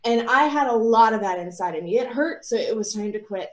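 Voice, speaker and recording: A woman's voice: a little high, a little fast, echoey room. Earnest American woman giving an emotional testimony. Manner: emotional, earnest, swings from soft to excited. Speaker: author and speaker. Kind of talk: faith testimony talk.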